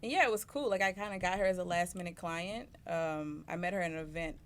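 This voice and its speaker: A woman who works as a makeup artist, talking in a relaxed, casual way with fillers. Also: fairly low pitch, fast talker. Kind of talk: casual chat.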